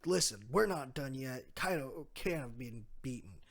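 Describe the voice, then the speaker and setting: A man's voice: mid-range voice, expressive, normal speed, gravelly. A man voicing a defiant male pirate grunt who insists the fight isn't over. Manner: defiant, blustering.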